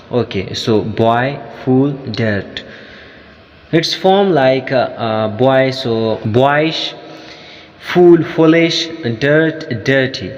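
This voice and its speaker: A man teaching a grammar lesson as an English teacher, talking in a halting way with many fillers and restarts. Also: medium pitch, big-room sound, highs cut off.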